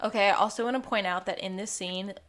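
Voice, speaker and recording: A woman's voice: mid-range voice, fairly even intonation, fast, a bit bright. A woman co-hosting a podcast, reading her notes aloud and quipping while recapping a TV episode. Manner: reads her notes aloud, playful quips. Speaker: podcast co-host. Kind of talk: casual chat recapping a TV episode.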